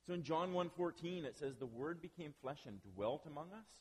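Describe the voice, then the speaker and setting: A man's voice: a little high, a little fast, breathy edge. A man preaching a sermon as pastor, talking conversationally with self-deprecating asides to the congregation. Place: church building. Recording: long reverb of a church hall.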